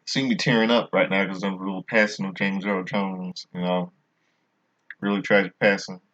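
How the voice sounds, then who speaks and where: Male vlogger, very low voice, casual rambling review delivery with lots of restarts, dull lo-fi sound. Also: flat delivery, normal speed, a bit bright. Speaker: wrestling show reviewer.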